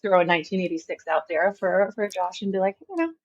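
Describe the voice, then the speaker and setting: A woman from Long Island talks with a faint New York accent. She chats as a podcast guest, laughing easily and filling her sentences with "like". Her voice sits low, and the recording sounds dull and lo-fi. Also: fairly even intonation, fast talker. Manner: chatty, laughs often, lots of "like". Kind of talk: casual interview chat.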